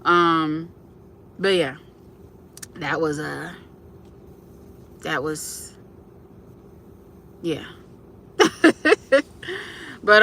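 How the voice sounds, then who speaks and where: Bright-voiced young woman chatting live. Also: fairly high pitch. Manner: candid, emotional, chatty with viewers. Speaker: livestream host. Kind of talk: casual livestream chat.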